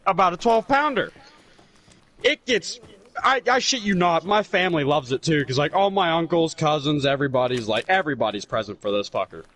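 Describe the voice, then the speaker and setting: A man's voice: fairly high pitch, a little fast. Profane, rambling young man telling stories. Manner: profane, rambling anecdotes with animated put-on quotes. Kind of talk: casual chat over gameplay.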